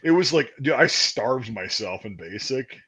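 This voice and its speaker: A man's voice: medium pitch, animated, a little slow, slightly rough. Profane ex-army man swapping stories. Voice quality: profane, laughing, acts out shouted quotes. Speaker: podcast host. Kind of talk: casual chat, storytelling. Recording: dull lo-fi stream audio.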